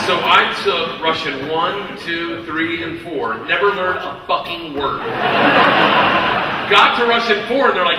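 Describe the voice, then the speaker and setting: Rowdy comedian in an echoey hall. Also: male voice, fairly high pitch, lively intonation, moderate pace, very noisy. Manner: loud, rowdy, swearing, acts out characters. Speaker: stand-up comedian. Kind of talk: stand-up storytelling. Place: large comedy venue, live audience. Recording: echoey live hall, mic heard from far, loud crowd.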